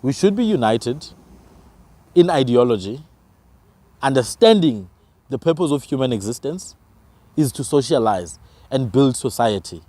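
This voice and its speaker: A man's voice: medium pitch, animated, a little slow, long pauses, warm tone, no echo. A man from Africa, arguing his views with emphatic rhetorical questions in a passionate podcast conversation. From South Africa.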